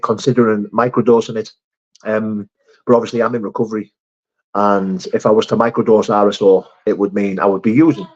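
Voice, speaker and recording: Reading viewer comments aloud on a casual live stream, a man with a lowish, darkish voice answers them in frank, sweary chat. The lo-fi stream audio is slightly dull.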